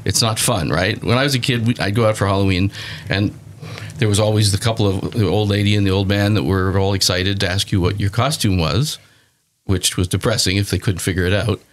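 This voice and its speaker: A man's voice: lowish voice, fairly even intonation, fairly quick. Grouchy self-deprecating middle-aged man. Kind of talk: casual chat.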